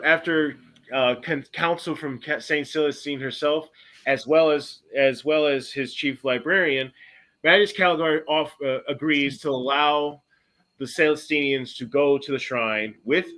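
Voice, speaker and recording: A man hosting a podcast, casually retelling a story in a rambling way, correcting himself often and breaking into bursts of excitement. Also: a little high, measured pace. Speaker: podcast host.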